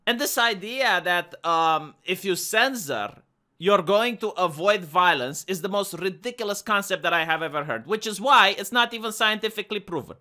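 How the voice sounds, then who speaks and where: Talking at a moderate pace, this man from Romania streams live with a Romanian accent, arguing casually in a monologue and repeating words whenever he restarts. His high voice has lively intonation and a bright, forceful tone.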